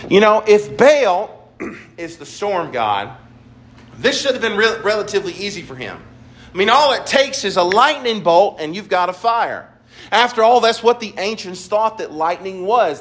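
A male pastor preaching a sermon emphatically, repeating key phrases. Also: high voice. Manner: emphatic, repetitive preaching with restarts.

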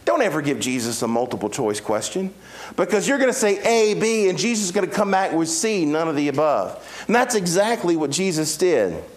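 A man preaching a sermon, telling Bible stories with lively swings between loud, fast passages and hushed, slow ones. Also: fairly high pitch. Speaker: pastor.

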